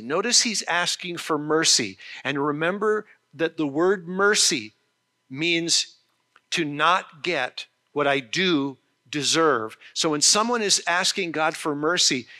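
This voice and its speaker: A man preaching a sermon, earnest and explanatory, slowing down on key phrases and often restarting his sentences. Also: a little high, pushed and bright. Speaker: pastor.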